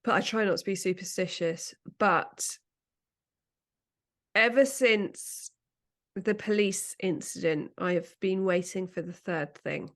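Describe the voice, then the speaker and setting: A middle-aged English woman with a British accent, co-hosting a podcast in casual chat and telling lively anecdotes with laughter and the odd swear word. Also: medium pitch, slow. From England. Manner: animated storytelling, laughs and swears freely. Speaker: podcast co-host.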